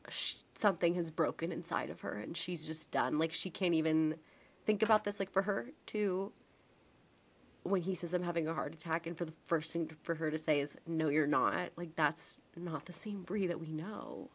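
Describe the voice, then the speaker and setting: A woman's voice: on the low side, normal speed, breathy edge. Young woman animatedly recapping a TV episode. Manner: animated storyteller, acts out quotes. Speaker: podcast co-host. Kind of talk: casual chat recapping a TV episode.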